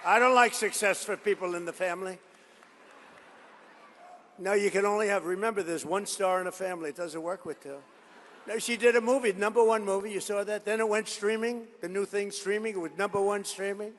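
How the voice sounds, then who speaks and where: A man's voice: high voice, moderate pace, a bit bright. A man in his seventies giving a rambling, boastful rally speech in a large college hall. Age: 70s. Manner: rambling, boastful, digressive storytelling. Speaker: political speaker. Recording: reverberant hall sound.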